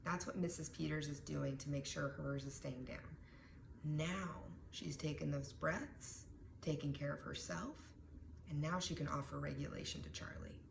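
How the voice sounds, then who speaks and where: A woman teaches calming techniques in a relaxed, conversational way, often checking in with "right?". Her voice sits low for a woman. The sound is echoey, with steady background noise. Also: moderate pace, vocal fry. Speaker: wellness educator.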